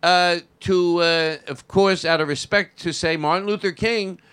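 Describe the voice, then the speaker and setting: Man hosting comedy podcast, bit high, smooth resonant tone, dry absurd delivery. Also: measured pace. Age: young adult. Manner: deadpan, absurd riffing with mock confessions. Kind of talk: improvised comedy banter.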